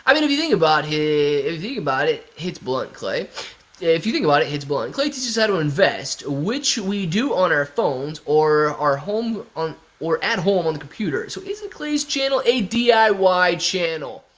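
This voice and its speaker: A young man hosting a casual stock market live stream, reading viewer comments aloud and riffing on them in a chatty, excitable way. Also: on the high side, normal speed. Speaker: stock market livestream host.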